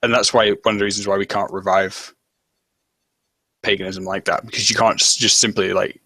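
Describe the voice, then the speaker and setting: A low-pitched man with a bright, forward tone talks slowly through abstract ideas. He hesitates and circles back as he thinks. The sound is dry and close. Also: flat delivery, dry recording. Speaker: hangout guest. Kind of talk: casual chat.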